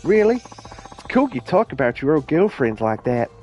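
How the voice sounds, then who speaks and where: A man's voice: very animated, moderate pace, a little mellow, lo-fi sound, soft background music. Man reading a polite young club hostess. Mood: friendly. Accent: English. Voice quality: own voice pushed slightly higher.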